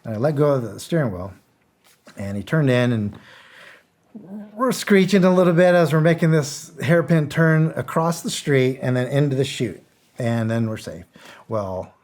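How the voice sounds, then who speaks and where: A man with a voice of ordinary middle pitch recounts a tense story in a relaxed, conversational way. He is lively and laughs often between phrases, with casual swearing. He sounds like a guest chatting on a podcast. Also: normal speed. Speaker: guest, former intelligence officer.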